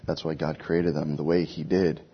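Casting: a man with a low, husky voice as a chatty Bible teacher. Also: level tone, normal speed. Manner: conversational, asks the class questions. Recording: dull lo-fi recording.

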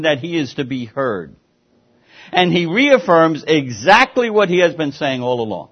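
A man's voice: on the high side, sing-song, a little slow, husky, highs cut off. A man preaching an expository sermon, explaining the text with emphatic, rising and falling delivery.

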